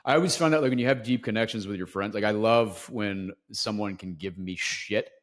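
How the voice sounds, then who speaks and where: Slangy low-voiced male podcast host. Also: a little fast. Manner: loose and slangy, swears freely, calls people dude. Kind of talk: casual interview chat.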